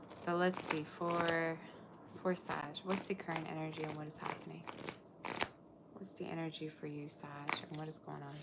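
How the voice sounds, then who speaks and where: Over background noise, a low-voiced woman reads tarot on a live stream. She gushes over her viewers and chats loosely between cards.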